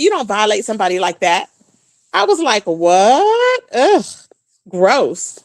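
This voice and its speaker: This is a woman, dishing gossip on a casual livestream. Her voice sits high and leaps around with animated sass. She calls out to her chat viewers as she talks. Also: dry recording. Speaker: livestream host.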